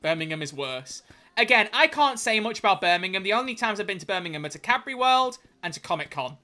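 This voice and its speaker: A man chatting casually on a livestream, reading chat aloud, joking and swearing with quick self-corrections. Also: high-pitched, very animated, sharp tone.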